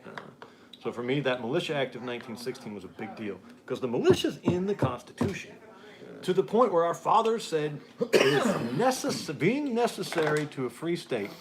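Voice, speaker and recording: American dude hosting a chatty stream, reads comments out, laughs a lot. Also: male voice, on the high side, sing-song, brisk, a crowd in the background. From United States. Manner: reads viewer comments aloud, laughs often. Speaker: podcast host. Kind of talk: casual live-stream chat.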